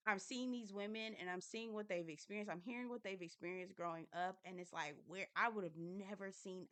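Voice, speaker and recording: A woman's voice: mid-range voice, pushed and bright, clean tone, dry recording. A woman recapping a reality show in a casual, candid and chatty way, swearing now and then.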